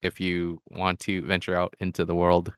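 Deep, laid-back man co-host. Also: completely flat delivery, normal speed, clean tone, no echo, studio quality. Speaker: podcast co-host. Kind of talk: casual podcast chat.

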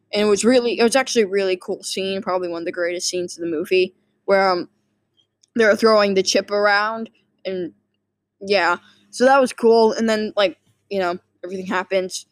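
A sleepy woman casually rambling through a movie plot summary, full of fillers and restarts. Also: mid-range voice. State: sleepy, yawning. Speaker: movie recap vlogger.

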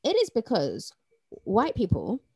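A woman co-hosting a casual podcast, speaking emphatically and building to forceful peaks. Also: medium pitch, wildly swooping pitch, measured pace, slightly rough, no room sound, studio quality. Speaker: podcast co-host. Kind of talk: casual chat.

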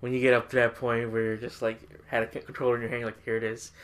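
A man's voice: medium pitch, level tone, fast talker. A man co-hosting a podcast in casual chat, teasing his friend with short interjections and laughing often. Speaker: podcast co-host.

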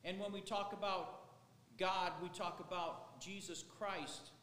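A man's voice: sits high, steady tone, a little slow, a bit bright. A man, a pastor, preaching a sermon in a conversational, rambling way. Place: church sanctuary. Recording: echoey hall with faint ambience.

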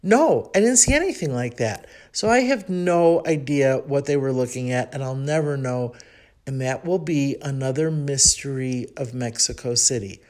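A woman with a Chicago accent hosts her own podcast and tells a story from her life. She speaks in a chatty, reflective way and thinks aloud. Her talk is full of small pauses and restarts. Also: rumbling low, darkish tone. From Chicago, United States. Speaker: podcast host. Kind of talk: personal storytelling monologue.

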